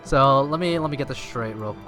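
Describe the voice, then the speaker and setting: A man's voice: medium pitch, a little fast. Game master man narrating over music. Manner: describes scenes and quizzes players on their moves.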